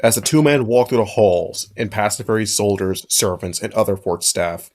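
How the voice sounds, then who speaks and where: A man's voice: on the low side, normal speed, darkish tone. A man narrating a fanfic aloud with friends, in a casual reading with occasional slips.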